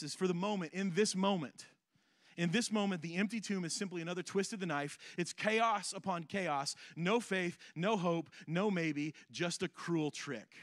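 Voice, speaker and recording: A man preaching a sermon in an earnest style, repeating phrases for emphasis and swinging between quiet, low lines and raised, louder ones. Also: dry recording, clean studio sound. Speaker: pastor.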